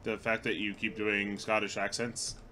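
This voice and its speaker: A man's voice: lowish voice, flat delivery, normal speed, bright, forceful tone, a little hiss or hum. A man streaming a card game, commenting casually and cracking dry, teasing jokes with a friend.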